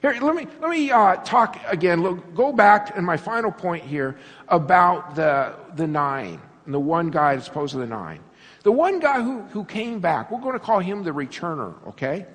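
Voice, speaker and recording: A man preaching a sermon, an animated storyteller who laughs often and acts out little scenes. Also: high voice, normal speed, big-room sound. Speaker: pastor.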